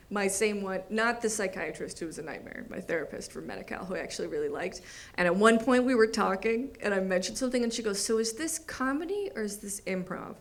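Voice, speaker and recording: A young adult woman performs stand-up on a comedy theater stage, her mid-range voice pushed and bright, with wry, self-deprecating delivery and acted-out quotes. The live room picks up audience noise and laughter.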